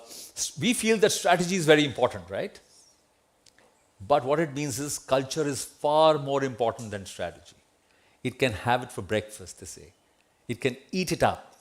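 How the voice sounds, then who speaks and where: A middle-aged man with an Indian English accent gives a lecture in an auditorium, asking the audience questions and tagging lines with "right?". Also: mid-range voice. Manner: conversational, asks the audience questions, tag "right?". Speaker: guest lecturer. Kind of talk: memorial lecture to students.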